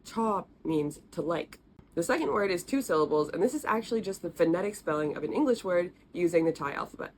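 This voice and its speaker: A woman teaching the letters and sounds of an alphabet in a friendly, patient way, repeating each sound slowly. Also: on the low side, animated, a little hiss or hum. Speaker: language teacher. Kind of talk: explaining, recorded lesson.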